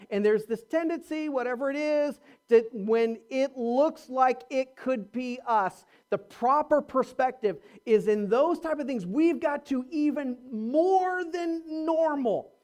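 A pastor with a high-pitched voice preaches a little slowly, leaving few pauses. The sermon is emphatic, full of repeated words, restarted phrases and rhetorical questions for the congregation, and it swings from quiet asides to near-shouting.

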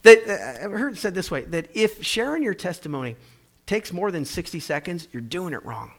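A man's voice: high voice, sing-song, normal speed. A man preaching a sermon, telling a personal story in a conversational, emphatic way. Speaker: pastor.

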